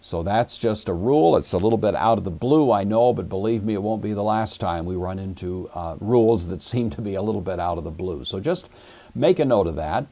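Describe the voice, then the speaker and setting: A man's voice: lowish voice, animated, a little fast, warm tone. A man teaching a Greek grammar lesson, explaining patiently and methodically with occasional fillers. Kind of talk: classroom grammar lecture.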